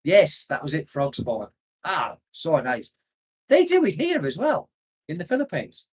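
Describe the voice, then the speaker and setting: A man's voice: on the high side, huge pitch swings, measured pace, husky. Rambling British expat man. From United Kingdom. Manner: rambling, nostalgic, laughs often. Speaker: expat vlogger reading live chat. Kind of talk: casual livestream chat. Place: home in the Philippines.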